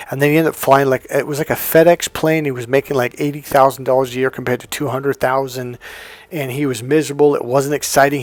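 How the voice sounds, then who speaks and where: A man, a dating coach talking casually and bluntly, telling a story and acting out the other people's lines in a raised voice. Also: no echo. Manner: animated, acts out both sides of dialogues in higher voices; blunt, crude language.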